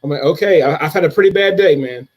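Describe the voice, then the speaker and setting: A man's voice: on the high side, quick pace. A man co-hosting a casual group chat, telling stories and acting out quoted lines. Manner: chatty storyteller, acts out quoted lines. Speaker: podcast co-host.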